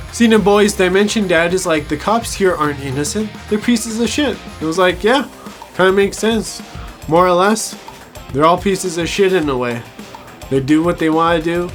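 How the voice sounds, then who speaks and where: A man's voice: high voice, normal speed, soft background music. Crude mocking man recapping a show. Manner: crude, mocking, swearing, laughing at own jokes. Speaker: TV show reviewer. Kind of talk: casual episode recap commentary.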